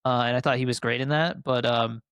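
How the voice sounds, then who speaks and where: In this casual film review chat, a young adult male podcast co-host rambles enthusiastically about movies he loves, using plenty of fillers. He talks a little fast in a mid-range, steady voice that's fairly bright and clean. There's no room sound.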